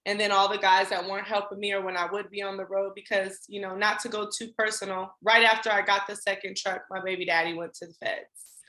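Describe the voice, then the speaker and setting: A woman guest on a podcast, telling her story in casual, animated chat and acting out her past lines. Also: mid-range voice, fairly quick, roomy sound.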